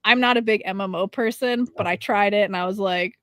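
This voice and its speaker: A woman's voice: mid-range voice, a little fast, a bit bright, no echo, clean studio sound. A woman co-hosting a casual gaming chat, effusive and emphatic, laughing often as she talks. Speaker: co-host.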